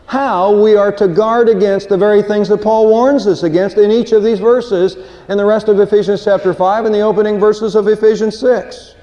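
A man delivers a sermon in a high, mellow voice, earnest and plain-spoken, repeating a word here and there. The recording is dull and lo-fi, and a long reverb hangs in the church around him. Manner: earnest preaching with a folksy joke, some repeated words. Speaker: pastor. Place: church sanctuary.

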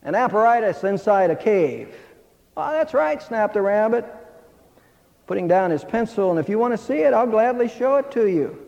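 A man's voice: high voice, lively intonation, moderate pace, creaky, a little mellow. A man preaching a sermon, telling a fable in an earnest, emphatic way. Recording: dull hall reverb.

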